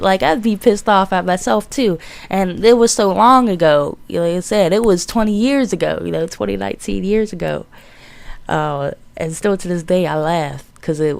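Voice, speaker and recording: A woman in her twenties, a gaming commentator, telling a childhood story in a casual, profane, animated way. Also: lowish voice, gravelly, no echo. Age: 20s.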